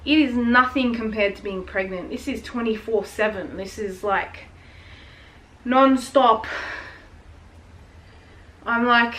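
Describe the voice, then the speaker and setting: In poor audio, a pregnant woman in her late twenties vlogs while wrapping presents at home. Her voice is a little high and a bit bright, and she's frank and chatty, slightly breathless, laughing and cursing a lot.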